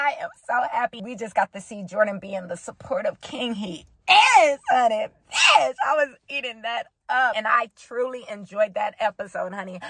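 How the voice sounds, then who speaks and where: A woman with a hoarse voice and speech, hosting a loud, expressive reaction video, squealing and cursing. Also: a little high, no echo. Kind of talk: casual reaction commentary.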